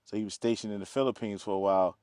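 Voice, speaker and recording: Man from telling lively stories. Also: on the low side, very fast, clear, resonant tone, no room sound, clean studio sound. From East Baltimore, USA. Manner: animated, acts out quoted voices, laughs often. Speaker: film producer, guest. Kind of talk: casual interview storytelling.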